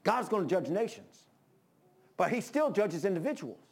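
Older man preaching high and fervent. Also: sing-song, moderate pace, gravelly, breathy edge. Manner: impassioned preaching, rises then drops low. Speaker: pastor. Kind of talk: sermon.

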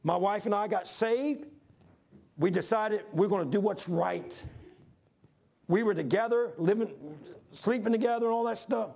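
Man, pastor, sermon, gravelly, husky, repeats lines, builds to shouting. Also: sits high, normal speed. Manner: storytelling preacher, repeats phrases, rises to shouts.

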